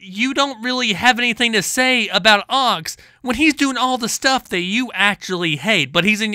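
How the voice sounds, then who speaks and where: A man's voice: sits high, pushed and bright, smooth, no echo, studio quality. A man hosting a commentary vlog, ranting in an exasperated, sarcastic way with lots of stammering restarts. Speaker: channel host.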